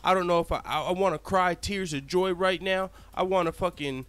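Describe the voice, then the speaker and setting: A man's voice: on the high side, normal speed, dry recording, natural voice. A man doing a profane gloating fighter. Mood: gleeful. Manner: profane, gloating, loud bursts. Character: brash boastful adult male fighter gloating.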